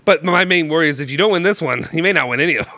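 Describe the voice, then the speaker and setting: A man's voice: fairly high pitch, very fast, pushed and bright, dry recording. A young man hosting a casual live-streamed chat, loose and joking, rambling with restarts into a close mic. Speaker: show host.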